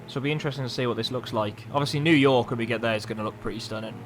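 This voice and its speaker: A man's voice: medium pitch, racing, soft background music. A man, an airline pilot chatting casually as he streams a flight simulator, thinking aloud and poking fun at himself. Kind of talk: casual live-stream commentary.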